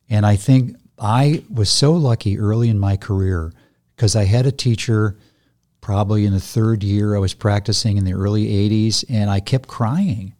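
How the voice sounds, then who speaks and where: Gentle low-voiced older man explaining. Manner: gentle, reflective, restarts phrases. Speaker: guest, somatic therapist. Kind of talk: conversational interview.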